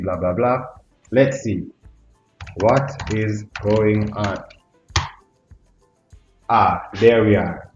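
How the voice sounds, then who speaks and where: A man presenting a casual tech tutorial. He thinks aloud with curiosity and speaks to his viewers as "guys". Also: lowish voice. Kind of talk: casual screen-recorded tutorial. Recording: echoey, dull lo-fi sound with faint music.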